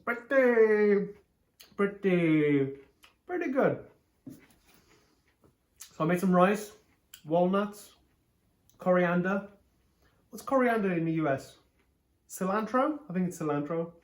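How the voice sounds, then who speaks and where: A man hosting a casual cooking vlog from his home kitchen, joking around and exclaiming loudly as he tastes. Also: high voice, lively intonation, a little slow, long pauses. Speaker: host, comedian cooking at home. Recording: roomy kitchen sound. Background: faint background music.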